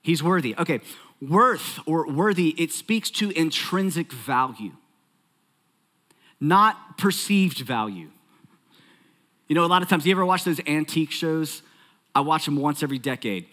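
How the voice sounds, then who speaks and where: A male pastor delivering a sermon in a church. His voice sits somewhat high for a man, and he talks in an animated, conversational way, joking with the congregation and acting out quick asides.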